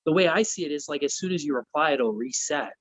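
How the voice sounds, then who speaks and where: Man, wrestler guest, fairly high voice, dry close sound, swears constantly, rambling. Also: animated, fast talker, fairly bright tone, no room sound, rough recording. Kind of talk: casual storytelling.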